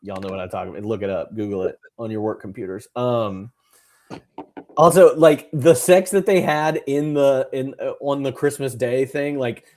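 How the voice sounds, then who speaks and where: A man's voice: mid-range voice, fairly even intonation, normal speed, darkish tone. A man co-hosting a casual movie podcast, chatty and jokey, with lots of fillers. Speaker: podcast co-host. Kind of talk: casual movie review chat.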